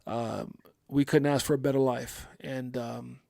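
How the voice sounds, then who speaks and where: A man in mourning hosts a casual livestream, speaking at a middling pitch. He talks haltingly, with many fillers and restarts, and reads viewer comments aloud between his own thoughts. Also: level tone, vocal fry, dark tone. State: grieving. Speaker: livestream host.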